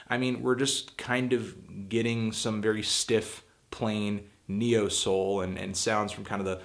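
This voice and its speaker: Blunt, lower-voiced man reviewing music. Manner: blunt, hedging with fillers, rising to emphatic exasperation. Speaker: music critic and show host. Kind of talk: casual spoken album review.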